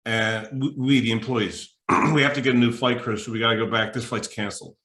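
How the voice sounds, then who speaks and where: A man, a mental toughness coach, telling a story in a podcast interview and acting out the dialogue with sudden pitch jumps. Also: a little fast, reverberant. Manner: animated, acts out dialogue with big pitch jumps.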